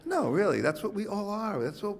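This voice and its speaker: A man's voice: high voice, sing-song, fairly quick, creaky. A man doing a stand-up set in a rambling way, with frequent fillers and restarts. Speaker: stand-up comic.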